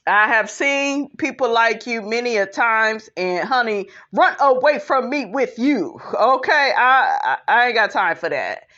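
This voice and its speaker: A woman's voice: fairly high pitch, expressive, unhurried, hardly any pauses, bright, forceful tone, lo-fi sound. A woman hosting a podcast, giving sassy, emphatic, opinionated commentary and calling listeners honey and child. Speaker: podcast host recapping a reality show.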